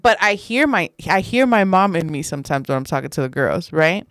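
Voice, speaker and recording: A woman's voice: lowish voice, brisk, a bit bright, dry recording, studio quality. A woman in her thirties co-hosting a podcast, speaking frankly and playfully in casual slang. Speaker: podcast co-host. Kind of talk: casual candid conversation.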